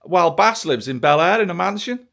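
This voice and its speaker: A man's voice: high-pitched, expressive, a little fast, gravelly, fairly bright tone. A British man in a profane, sarcastic political rant, filming himself and talking straight to the camera. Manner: angry, sweary, sarcastic ranting. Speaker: vlogger. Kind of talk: ranting political monologue to camera.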